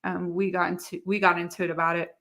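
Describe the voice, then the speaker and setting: A young woman speaks as an interview guest, her voice bright and forward. She tells her story in a loose, rambling way, packing it with "like" and acted-out quotes from the people involved. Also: lowish voice, flat delivery, fast talker. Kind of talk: candid casual interview.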